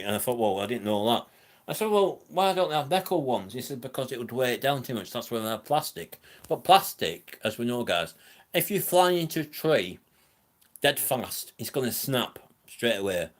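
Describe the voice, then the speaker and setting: A man with a northern Lancashire accent rambles through a casual live stream chat from home. His pitch sits right in the ordinary middle, and he drifts between thoughts with frequent ums, answering viewers' comments as they come in. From England.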